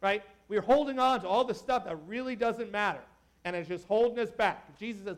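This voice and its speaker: A man preaching a casual, conversational sermon as a pastor, animated and joking, with many asides to the congregation. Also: high-pitched, fairly quick.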